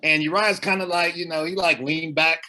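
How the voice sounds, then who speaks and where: A man telling a story in a casual podcast chat, rambling and animated, filling his talk with "like" and acting out what others said. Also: fairly high pitch, normal speed. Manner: animated, rambling, heavy use of "like", acts out others' lines.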